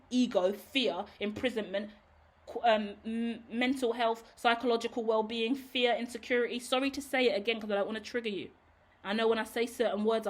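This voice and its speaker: A woman doing a casual tarot reading to camera. She rambles and reassures, talks straight to the viewer, swears casually and laughs at her own tangents. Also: on the high side. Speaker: tarot reader.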